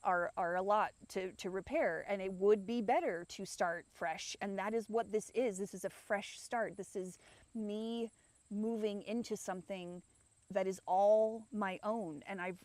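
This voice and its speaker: A woman livestreaming from a rock garden outdoors, her talk meandering and candid, sprinkled with curses. Her voice sits at a middle pitch. The sound is dry, with no room echo. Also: measured pace, darkish tone. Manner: meandering, frank, swears often. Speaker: livestream host. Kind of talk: rambling personal chat.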